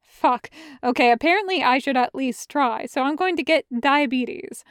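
A woman's voice: sits high, moderate pace, dry recording, clean studio sound, close to an everyday voice. A woman voicing a cocky young man who vlogs candy reviews, wry and swearing casually. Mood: cheeky.

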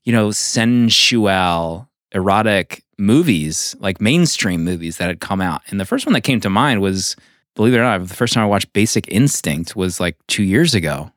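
A podcast co-host talking about movies in casual, lively chat. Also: deep voice, normal speed, dry recording, studio quality.

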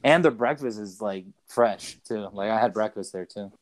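A man's voice: fairly low pitch, moderate pace. A man co-hosting a podcast, telling loose stories in casual chat, full of fillers and swearing. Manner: rambling storyteller, loose and profane, many fillers. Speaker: podcast co-host. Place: away from home, calling in to the show.

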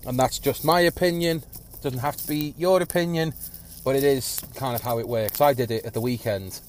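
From his car in traffic, a man speaking at medium pitch and normal speed hosts a podcast in one take. The talk is rambling and grumbly, with casual swearing and a phlegmy cough, set against background noise from the car and road.

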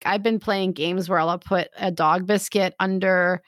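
A woman in casual chat, telling a story in an animated way and acting out what people said. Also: lowish voice, a little slow, no room sound, studio quality. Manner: animated storytelling, acts out quotes.

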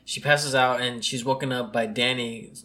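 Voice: mid-range voice, steady tone, normal speed, bright, forceful tone. A speaker in casual chat, laid-back, retelling a movie plot with casual swearing.

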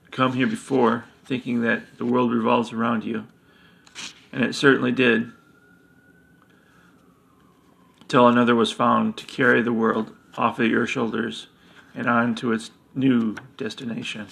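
A man voicing a wise, compassionate village mother with a prophetic way of speaking, in a solemn, measured reading. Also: medium pitch, little pitch movement, vocal fry, a bit bright, a little hiss or hum.

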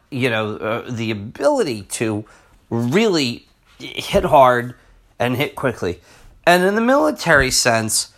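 A man hosting a casual history podcast, talking in a rambling, halting way with restarts and throat-clearing. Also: mid-range voice, a bit bright. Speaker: podcast host.

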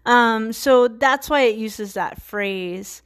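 A woman's voice: on the high side, slow, fairly bright tone. A woman in her thirties, from Virginia, hosting her own podcast and talking casually with many fillers and restarts. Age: 30s. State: a little tired. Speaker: podcast host. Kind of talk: casual solo talk.

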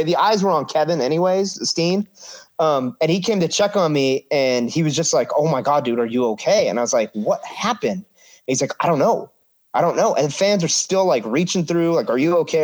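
A man's voice: fairly high pitch, darkish tone. A man in his thirties, a professional wrestler guest, casually telling a story, swearing freely and acting out the quotes.

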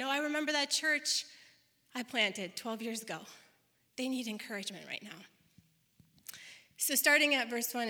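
A woman's voice: fairly high pitch, sharp tone. A woman in her thirties preaching a sermon, chatty and laughing now and then as she tells a family story. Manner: chatty, laughs often while telling stories. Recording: long hall reverb.

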